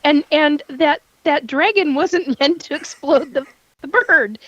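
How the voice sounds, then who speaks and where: Woman, middle-aged, high voice, laughs a lot, dry muffled audio. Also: a little slow, fairly bright tone, dry recording. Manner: laughs often while telling stories. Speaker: co-host. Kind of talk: casual chat.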